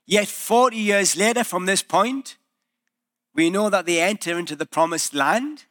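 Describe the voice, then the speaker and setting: A male pastor preaching a sermon in a church, telling the story in a lively way and acting out the quoted voices. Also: high-pitched, measured pace.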